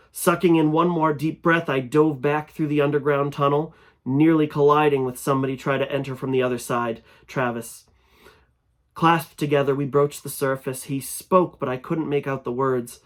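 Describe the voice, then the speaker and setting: A man reading a first-person horror story aloud, his voice growing louder and tense in the frightening passages. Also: mid-range voice, steady tone, moderate pace. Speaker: fiction reader.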